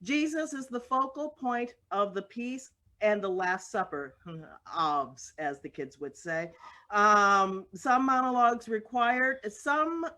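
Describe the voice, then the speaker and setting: A woman playing a casting director in an improv comedy scene, rambling and halting, full of fillers, over a video call. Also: medium pitch, sharp tone.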